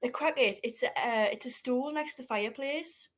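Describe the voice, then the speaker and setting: Woman, podcast host; fairly high voice, friendly, quick questions. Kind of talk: casual interview chat.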